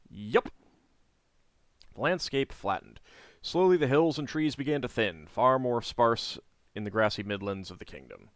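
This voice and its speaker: A man hosting a playthrough of a role-playing game, reading its story text aloud between relaxed, chatty comments. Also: medium pitch, normal speed, no echo. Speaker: gameplay host and narrator.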